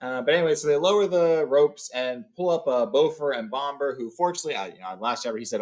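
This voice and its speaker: A man's voice: medium pitch, lively intonation, quick pace, few pauses. A man reading a novel aloud, switching between reading and casual summaries with fillers. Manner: reads, then sums up casually with fillers. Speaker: reader. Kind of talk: book read-along with casual summaries.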